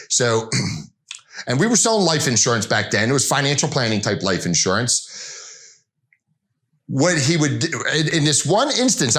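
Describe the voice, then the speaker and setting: A man's voice: mid-range voice, fairly bright tone. A middle-aged man giving an informal sales training talk, conversational and rambling, with frequent restarts.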